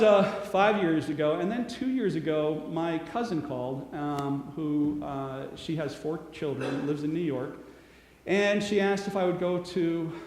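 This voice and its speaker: A middle-aged man telling a lively personal story to an audience as a public speaker. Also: a little high, a little hiss or hum. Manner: animated storyteller, bursts of loud acted shouts. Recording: echoey hall with long reverb.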